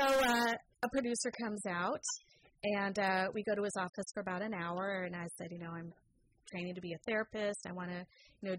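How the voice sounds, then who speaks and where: Middle-aged woman guest, chatty storyteller, acts out quotes, average pitch, faint background noise. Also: rough recording. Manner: lively, acts out quoted voices; frequent fillers. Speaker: interview guest. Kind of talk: conversational storytelling.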